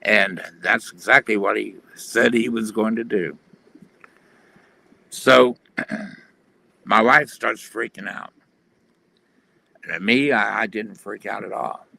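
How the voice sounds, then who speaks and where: A man's voice: on the low side, slow pace, pauses often, pushed and bright. A man telling his personal testimony in an earnest, plain-spoken way on a video call. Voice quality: gravelly.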